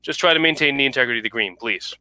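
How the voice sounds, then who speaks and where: A man's voice: mid-range voice, rapid-fire, sharp tone, smooth, no room sound. A man reading an irritable, frazzled president. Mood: exasperated. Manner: exasperated, clipped. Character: harried middle-aged male president, irritable.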